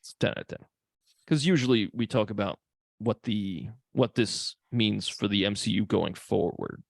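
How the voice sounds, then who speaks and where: Gravelly man chatting on a podcast. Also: fairly low pitch, normal speed, no echo, studio quality. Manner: easygoing, swears casually. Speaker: podcast co-host; second grade teacher. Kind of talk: casual chat.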